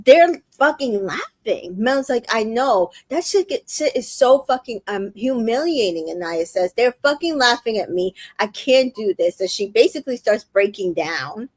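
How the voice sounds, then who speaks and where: A woman's voice: on the high side, lively intonation, normal speed, hardly any pauses, dry recording. Chatty woman recapping a reality show. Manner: retells scenes quoting people, swears freely, many fillers. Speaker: recap podcast host. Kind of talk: casual recap chat.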